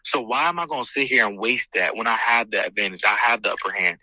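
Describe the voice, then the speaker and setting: Earnest young man, bright close voice. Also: lowish voice, fast talker, slight background noise, poor audio. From California. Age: young adult. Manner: earnest, animated storytelling with preacher-like emphasis. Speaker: guest, host's son. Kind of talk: casual faith conversation.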